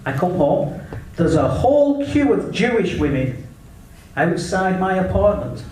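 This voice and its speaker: A man with an English accent delivers a cheeky, crude stand-up set at an unhurried pace. His fairly high voice leaps up and down to sell each punchline. He is heard from slightly off mic in a very echoey live room with faint noise behind. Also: big pitch swings, darkish tone, distant mic. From England. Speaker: stand-up comedian. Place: live comedy venue.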